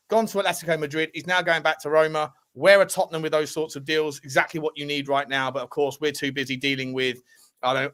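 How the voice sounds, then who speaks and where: Chatty football podcast host. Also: male voice, fairly high pitch, fairly bright tone. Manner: chatty, rambling, reads ad plugs. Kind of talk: casual football chat.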